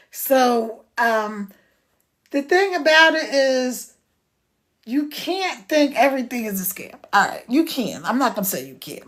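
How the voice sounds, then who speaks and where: Her tone a little bright, an American woman pitches her online business program to live-stream viewers, keeping it casual, chatty and persuasive as she talks into her phone.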